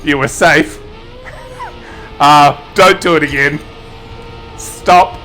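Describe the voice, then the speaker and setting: A man's voice: on the high side, wildly swooping pitch, drawn-out words, sharp tone, soft background music, exaggerated voice, poor audio. A man doing a chipper, forgiving police officer. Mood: cheery warning. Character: polite, lenient adult male police officer.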